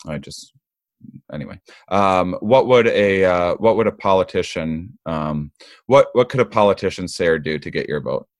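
Deep-voiced halting male interviewer. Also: animated, dry recording. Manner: halting, many restarts when asking. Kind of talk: casual interview talk.

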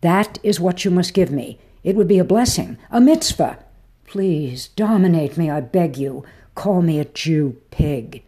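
A woman voicing a frail old man who pleads in a husky, dark whisper. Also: lowish voice, lively intonation, measured pace. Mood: pleading. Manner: pleading, insistent. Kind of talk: audiobook character reading.

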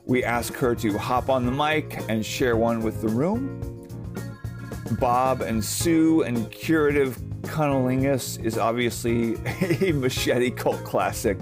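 A man with a mid-range voice hosts the show in a dry, wisecracking way. Guitar music plays clearly under his words. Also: mid-range voice, takes it slowly. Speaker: show host. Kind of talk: scripted show narration.

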